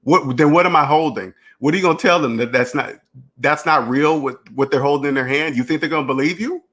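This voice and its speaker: A man's voice: fairly high pitch, quick pace, fairly bright tone. A man hosting a finance channel, talking in a rambling, repetitive solo monologue and acting out imagined dialogues. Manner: repetitive, restarts phrases, emphatic.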